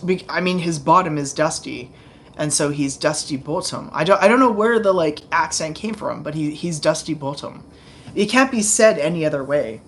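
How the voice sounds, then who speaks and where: A woman's voice: low-pitched, animated, moderate pace. A woman hosting a casual livestream from her home, rambling chattily with lots of fillers. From Canada. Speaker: channel host. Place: home, indoors.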